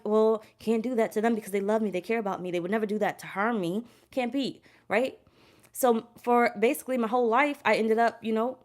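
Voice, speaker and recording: A woman reading tarot for her viewers in a loose, conversational pep talk. Her voice sits at an ordinary pitch. She talks bluntly, swears freely and says her key lines twice for emphasis. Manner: blunt, emphatic, heavy cursing, repeats herself. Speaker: tarot reader. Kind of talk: casual spiritual pep talk to camera.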